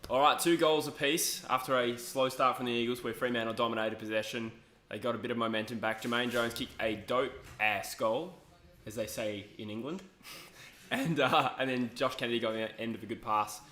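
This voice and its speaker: Chatty Australian bloke calling footy live. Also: male voice, medium pitch, steady tone, sharp tone. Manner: chatty, jokey, quick asides and chuckles. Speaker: streamer commentating a live football match. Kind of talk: casual live-stream match commentary. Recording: echoey room.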